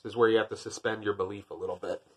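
A man's voice: lowish voice, fairly even intonation, very fast, husky. A man reading a picture book aloud, breaking off for dry, wry, self-deprecating jokes between the pages. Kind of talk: storybook reading with joking asides.

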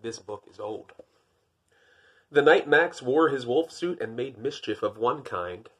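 Husky man, mid-pitched voice, reads a picture book aloud, drops in dry self-mocking jokes. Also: animated, unhurried, fairly bright tone. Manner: dry, wry, self-deprecating asides. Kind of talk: storybook reading with joking asides.

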